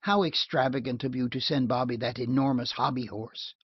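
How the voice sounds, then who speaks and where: A man voicing a teasing, quick-witted young wife and mother in an audiobook, speaking in a lilting, scoffing way. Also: mid-range voice, fairly even intonation, husky, lightly acted. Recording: dull lo-fi dry recording.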